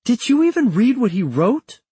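A man voicing a serious teenage girl in an audiobook, speaking in an even, matter-of-fact way. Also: very high-pitched, normal speed, breathy edge, no room sound, voice pushed up, exaggerated voice.

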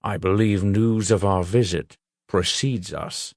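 A man doing a wry, calm troll. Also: low voice, no room sound. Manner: wry, measured, dry. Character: wry, calm old male troll companion. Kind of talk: audiobook character voice.

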